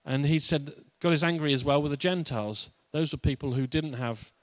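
A man's voice: on the high side, brisk, no room sound. Playful, conversational male preacher. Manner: conversational and playful, with laughs and asides. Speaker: pastor. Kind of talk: sermon.

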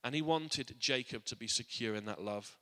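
A man preaching in a church, his voice very bright and forward, with a long reverb ringing around the hall. He speaks earnestly, often restarting and repeating words, and sinks quiet and soft on his reflective points. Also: medium pitch, normal speed. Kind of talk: sermon.

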